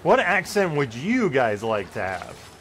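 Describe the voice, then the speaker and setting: A young man streaming a game live, chatting casually with viewers and yelping and shouting when plays get close. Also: medium pitch, a little slow, a little hiss or hum. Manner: excitable, yelps and shouts at close plays, joking with chat. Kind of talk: casual live gameplay commentary.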